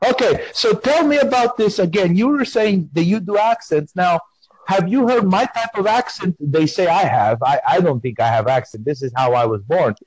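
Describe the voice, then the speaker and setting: A man's voice: high-pitched, lively intonation, normal speed, a little mellow, breathy edge, no echo, low-quality recording. A man hosting a podcast in a casual, playful, rambling way, talking with mock seriousness. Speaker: podcast host.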